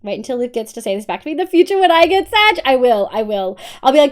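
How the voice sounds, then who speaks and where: An Australian woman streaming a game, chatting casually with viewers, swearing and thanking them by name, sometimes mumbling quietly and sometimes bursting out loud. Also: sits high, lively intonation, fast talker. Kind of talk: casual live-stream chat while gaming.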